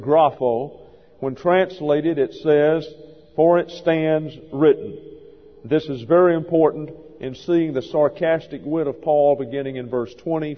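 A male pastor giving a measured, methodical verse-by-verse Bible teaching sermon in a church. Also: fairly high pitch. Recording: dull lo-fi sound with long hall reverb.

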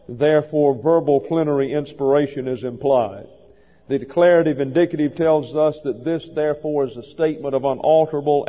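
A male pastor giving a measured, methodical verse-by-verse Bible teaching sermon in a church. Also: fairly high pitch. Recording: dull lo-fi sound with long hall reverb.

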